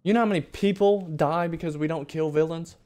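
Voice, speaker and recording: A man's voice: on the high side, a little fast, a little mellow. A young man giving casual gameplay commentary, brash and joking, swearing often and talking back to the game. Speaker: gaming video host.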